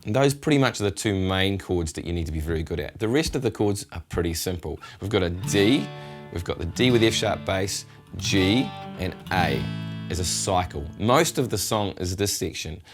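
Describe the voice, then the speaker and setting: A man's voice: low voice, lively intonation, moderate pace. Middle-aged man teaching guitar. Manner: explains patiently, counts and vocalizes strum rhythms. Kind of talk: casual guitar lesson. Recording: loud guitar behind voice. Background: acoustic guitar playing.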